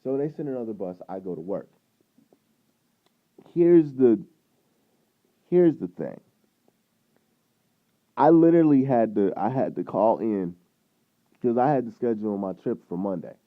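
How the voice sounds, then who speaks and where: A man vlogging, casually retelling a frustrating run-in, rambling and animated, acting out what people said. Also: lowish voice, measured pace, pauses often. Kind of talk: casual storytelling to camera. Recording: tinny phone-like sound.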